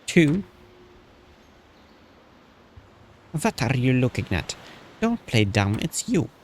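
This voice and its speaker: A man's voice: medium pitch, very animated, measured pace, slight background noise, pitched above the performer's own voice. A man voicing a haughty, boastful young female student rival, reading game dialogue aloud with a proud, bossy delivery. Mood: accusing.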